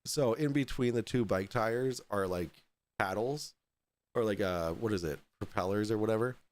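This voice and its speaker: A man's voice: fairly low pitch, moderate pace. A man hosting a podcast, telling a story in a casual, profane way, often laughing through it. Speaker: podcast host.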